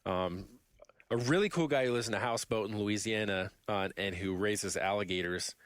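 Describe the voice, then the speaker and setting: A man co-hosting a podcast in casual chat, telling stories in a rambling, animated way with many restarts. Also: on the low side, moderate pace, no echo. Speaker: podcast co-host.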